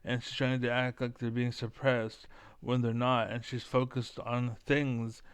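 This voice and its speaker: A man giving a rambling, profane political monologue, often losing his train of thought and doing mocking squeaky impressions. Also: little pitch movement, a little slow, clean tone, no room sound.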